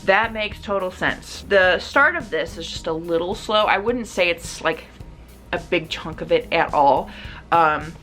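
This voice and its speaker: Chatty woman reviewing books, bright tone. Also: lowish voice, a little slow, soft background music. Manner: chatty, rambling, many "like" and "um" fillers. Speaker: book reviewer. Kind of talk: casual book review chat. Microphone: camera mic.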